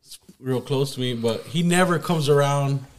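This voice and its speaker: A man's voice: medium pitch, moderate pace. A young man co-hosting a podcast, talking bluntly in casual slang and swearing a lot. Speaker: podcast co-host. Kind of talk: casual chat.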